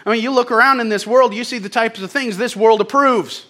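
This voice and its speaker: A man preaching a sermon who swings from loud exclamations to hushed lines and drops in folksy, joking asides. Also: very high-pitched, brisk.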